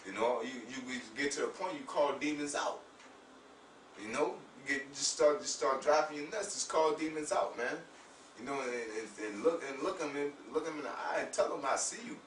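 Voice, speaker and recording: A man talking casually about faith in an animated, profane way, often saying "you know what I'm saying". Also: on the high side, normal speed. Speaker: religious discussion host. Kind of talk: casual spiritual talk. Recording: roomy echo, far from mic, faint noise.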